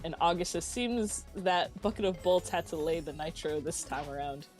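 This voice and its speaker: A woman's voice: on the low side, moderate pace, a little mellow, faint music behind. A woman co-hosting a livestream, reading chat aloud in a casual, giggly way and laughing often. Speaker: stream co-host reading chat.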